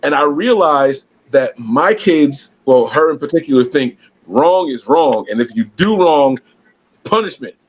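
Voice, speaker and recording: A man's voice: fairly high pitch, animated, measured pace. A man co-hosting a casual podcast, telling rambling stories full of restarts and fillers. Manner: rambling storyteller with many restarts. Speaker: podcast co-host. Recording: dull lo-fi sound.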